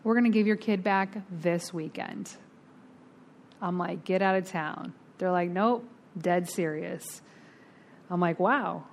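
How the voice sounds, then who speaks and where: A middle-aged woman telling her recovery story at a twelve-step meeting, candid and animated, acting out the voices of the people in it. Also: on the low side, a little hiss or hum.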